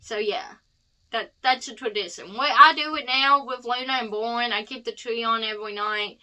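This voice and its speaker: A woman's voice: fairly high pitch, normal speed, bright, forceful tone. A young woman telling a personal story in a chatty, heartfelt vlog, rambling with asides. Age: young adult. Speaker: vlogger.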